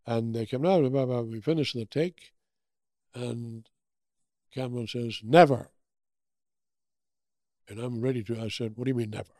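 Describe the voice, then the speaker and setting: A man in his eighties from Germany with a German accent, telling animated stories in an interview and acting out the quotes. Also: mid-range voice, normal speed, no room sound, clean studio sound. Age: 80s. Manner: animated anecdotes with acted-out quotes. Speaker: guest. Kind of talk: storytelling interview.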